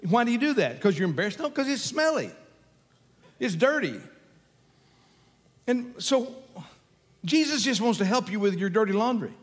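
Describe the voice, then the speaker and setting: A man's voice: sits high, sing-song, normal speed, pauses often, big-room sound. An older man preaching a sermon as a pastor, folksy and conversational, telling stories with chuckles.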